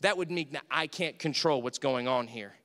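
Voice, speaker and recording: Man, preacher, impassioned sermon, bright forceful tone, long hall reverb. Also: medium pitch, moderate pace. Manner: impassioned, emphatic preaching with repeated phrases. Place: church sanctuary.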